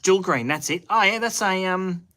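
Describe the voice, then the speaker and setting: Casting note: broad Australian bloke, bright, forward tone, rambling and slangy, live chat from the shed. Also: male voice, sits high, moderate pace. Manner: rambling, thinks aloud with restarts and Aussie slang. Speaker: channel host answering live chat. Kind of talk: casual livestream chat. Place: home shed at night.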